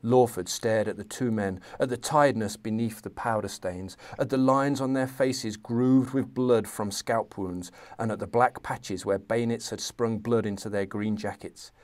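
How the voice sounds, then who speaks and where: A man's voice: on the low side, steady tone, normal speed, hardly any pauses, darkish tone. Enthusiastic male podcast host. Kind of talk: reading a novel aloud and casual chat.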